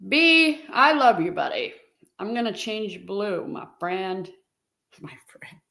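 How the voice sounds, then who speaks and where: A middle-aged woman chats on a live stream, speaking straight to her viewers. She talks slowly and unhurriedly, at an ordinary mid pitch. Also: very animated, gravelly, pushed and bright. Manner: chatty, talks directly to viewers. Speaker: live-stream host and reseller. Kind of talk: casual live-stream chat.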